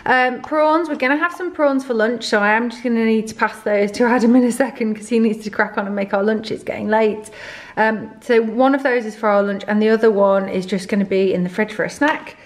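A woman in her thirties, her voice slightly high and quick, chats casually as a vlogger showing off a grocery haul. She's a bit out of breath and rambles, full of fillers and false starts.

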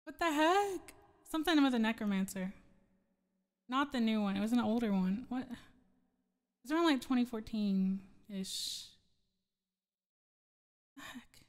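A woman streamer chats casually with her viewers in a fairly high voice, rambling and giggling as she forgets what she meant to say. Her voice carries a long reverb tail, as if it were sent through an effect at home. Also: expressive, unhurried, long pauses. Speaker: streamer and singer. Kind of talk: casual chat with live chat.

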